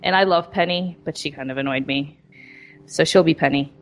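A woman's voice: deep voice, moderate pace. A woman co-hosting a podcast, chatting in a blunt, wry way. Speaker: podcast co-host. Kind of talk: casual chat.

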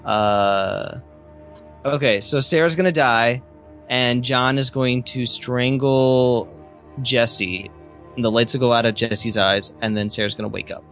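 A man chatting as a podcast guest, animated and opinionated. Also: medium pitch, measured pace, faint music behind. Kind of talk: casual chat.

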